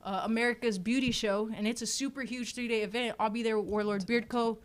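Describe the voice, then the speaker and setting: A woman's voice: a little high, steady tone, fast. A woman guest on a podcast, talking emphatically about her barber work in casual chat.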